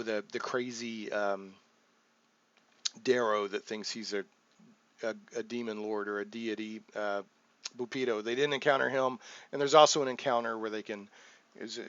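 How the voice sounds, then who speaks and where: A man's voice: lowish voice, steady tone, moderate pace, a bit bright, dry recording. A man who runs a tabletop game, chatting loosely about his sessions with lots of restarts and fillers. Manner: rambling, full of restarts and fillers, acts out players' lines. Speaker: game master, channel host. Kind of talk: casual talk about running a tabletop game. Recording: dull muffled sound, dry.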